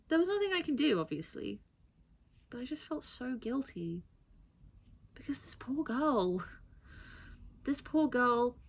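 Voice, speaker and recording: A woman tells a bus story straight to camera in a casual vlog. Her voice sits at a middle pitch for a woman, and she talks in lively bursts. She breaks into exasperated asides and quick mimicry of the people she overheard. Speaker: vlogger.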